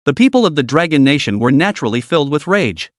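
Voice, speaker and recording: A man narrating a story recap in an even, steady reading style. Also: fairly high pitch, quick pace, no room sound, studio quality.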